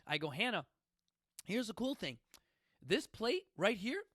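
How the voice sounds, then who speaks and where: Forceful middle-aged man telling a story. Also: high-pitched, big pitch swings, a little slow, husky, dry recording, studio quality. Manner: emphatic, folksy, prods listeners with questions. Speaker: podcast host. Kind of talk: casual storytelling talk.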